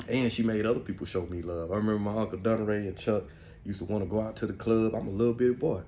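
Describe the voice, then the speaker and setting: Fast and steady, a low, mellow-voiced middle-aged man with an AAVE accent rambles through casual stories as a podcast host, constantly saying "man" and "you know." A faint hum of noise sits beneath him.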